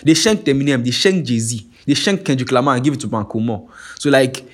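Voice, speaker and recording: A man's voice: mid-range voice, a little fast. Nigerian man in casual podcast talk. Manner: animated and profane, keeps asking "you get what I'm saying". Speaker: podcast host. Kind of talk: casual monologue.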